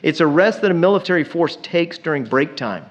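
A man preaching a sermon to his congregation, telling stories in an animated way and calling his listeners y'all. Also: on the high side, a little fast, dull audio. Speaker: pastor.

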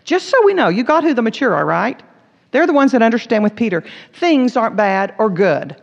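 Gravelly woman preaching in a hall. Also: fairly high pitch, very animated, a little fast. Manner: earnest, emphatic, repeats words for stress. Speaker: Bible teacher. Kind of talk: sermon. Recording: dull recording with long hall reverb.

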